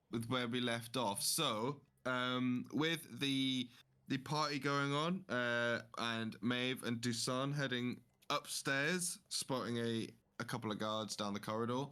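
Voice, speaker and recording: A man narrating a tabletop game as game master, relaxed and rambling with many fillers. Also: medium pitch, clear, resonant tone.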